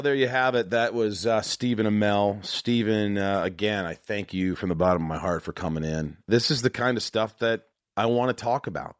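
A man with a lowish voice hosts a podcast on a studio mic, chatting casually. He talks earnestly and swears a lot, restarting his sentences often, with no echo in the recording.

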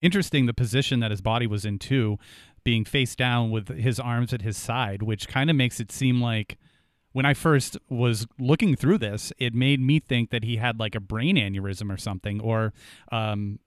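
A man's voice: medium pitch, moderate pace, dry recording, clean studio sound. A man co-hosting a podcast, chatting casually and asking questions about a case. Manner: questioning, reflective. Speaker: podcast co-host. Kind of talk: casual discussion.

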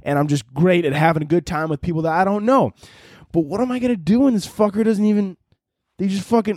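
A young man hosts a casual comedic podcast, ranting fast in a high voice that is profane, animated and rambling, and he acts out imagined conversations. The recording is studio quality with no echo.

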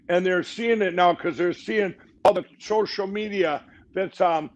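A middle-aged man appears as a guest on a talk show, giving fast, rambling interview talk that is emphatic and full of restarts. His voice sits high with a measured pace, and the audio is dull and lo-fi.

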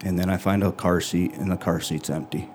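Middle-aged man, live storyteller, very low voice, level and even, earnest, halting phrasing. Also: a little hiss or hum. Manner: earnest, halting delivery with long pauses. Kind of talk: live first-person storytelling.

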